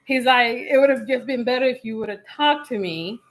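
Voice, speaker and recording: A woman with a bright, high voice tells a story from her marriage in a live Q&A. She is animated and plays out both sides of an old argument, breaking into laughter. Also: brisk, rough recording. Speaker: co-host telling a marriage story.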